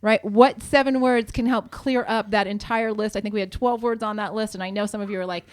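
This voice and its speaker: A woman's voice: medium pitch, steady tone, brisk, hardly any pauses, no room sound. A woman co-hosting a marriage podcast in casual, earnest talk, laughing easily and reading sponsor plugs. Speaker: podcast co-host.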